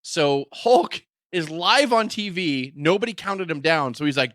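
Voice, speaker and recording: A man chatting casually as a podcast co-host, telling an anecdote with animated energy and plenty of swearing. His voice is bright and forceful. The sound is dry and close. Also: a little high, moderate pace, few pauses, no room sound. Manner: animated storytelling, acting out quotes, frequent profanity. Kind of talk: casual chat.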